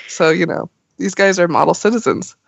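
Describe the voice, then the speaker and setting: A woman on a podcast giving an animated, storytelling recap of a manga chapter. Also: on the low side, brisk, vocal fry, no room sound. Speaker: podcast host. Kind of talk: casual chat about a manga chapter. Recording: dry, slightly muffled audio.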